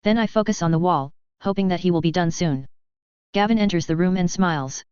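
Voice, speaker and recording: Very clear, low-voiced woman narrating. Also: fairly quick, a little mellow, no echo. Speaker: audiobook narrator. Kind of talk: scripted first-person narration. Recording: slightly dull lo-fi audio.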